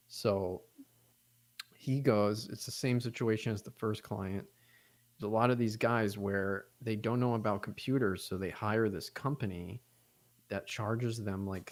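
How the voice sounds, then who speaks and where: A young adult man casually telling a long, profane story on a podcast, acting out the people he quotes. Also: fairly low pitch. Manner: rambling, profane, animated retelling with quoted voices. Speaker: podcast co-host.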